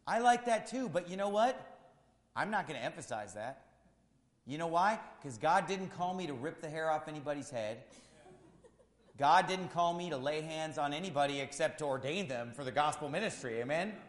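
A man's voice: fairly high pitch, expressive, normal speed. Impassioned preacher man in echoing hall. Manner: impassioned preaching, rising to shouts. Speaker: pastor. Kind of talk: sermon. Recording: long hall reverb.

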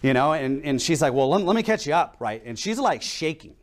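A man's voice: on the high side, very animated, fairly quick. A young adult man preaching a sermon in a conversational way, telling stories and asking rhetorical questions.

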